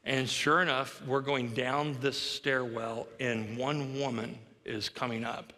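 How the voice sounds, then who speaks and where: A man's voice: medium pitch, flat delivery, takes it slowly, pushed and bright. A middle-aged male pastor preaching a sermon, telling a story with humor and self-deprecation. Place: church sanctuary. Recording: long reverb of a large church hall.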